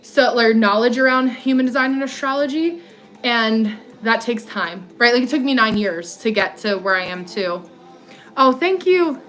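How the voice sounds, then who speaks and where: A woman's voice: a little high, normal speed, fairly bright tone. A woman in her thirties with an alto voice, hosting a casual walk-and-talk livestream on her phone, rambling with lots of "like" fillers and replying to viewer comments. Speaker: livestream host.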